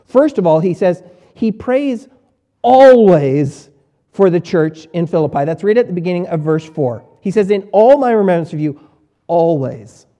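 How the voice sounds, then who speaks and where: A man preaching a sermon as pastor, emphatic, repeating key words and swinging between quiet and loud. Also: high voice, very animated, moderate pace.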